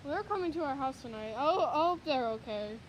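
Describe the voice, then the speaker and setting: A woman's voice: sits high, lively intonation, a little fast, a little hiss or hum, poor audio. A woman filming a windstorm on her phone outdoors, giving breathless, exclamation-filled live commentary. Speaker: storm vlogger. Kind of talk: excited live storm commentary. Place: outdoors by a house, then a garage, in a windstorm. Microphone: handheld phone.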